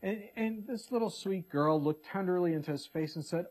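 Husky-voiced man preaching a sermon. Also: high voice, normal speed. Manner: swings from hushed to emphatic, reads scripture aloud. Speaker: pastor.

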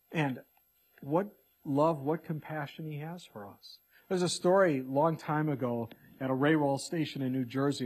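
A man preaches a sermon in a husky, slightly high voice. He reads scripture aloud and moves between hushed, quiet asides and emphatic, raised declarations. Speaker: pastor.

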